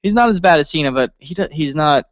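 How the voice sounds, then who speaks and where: A man co-hosting a casual wrestling review, excitable, swearing often and laughing as he talks. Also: on the high side, quick pace, no echo, dull audio. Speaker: podcast co-host.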